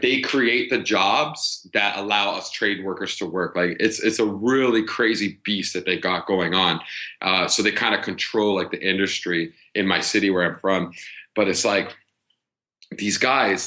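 A man in his thirties, a podcast guest, telling stories in a loose, profane, animated way, full of fillers and restarts. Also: fairly low pitch. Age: 30s. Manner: heavy filler words and restarts. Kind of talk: casual storytelling chat.

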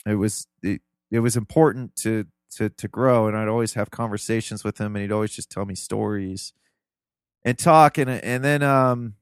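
A man's voice: lowish voice, normal speed, clean tone, no room sound, studio quality. A man from Ohio, a podcast guest, telling family stories in a loose, earnest, rambling way. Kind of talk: casual interview storytelling.

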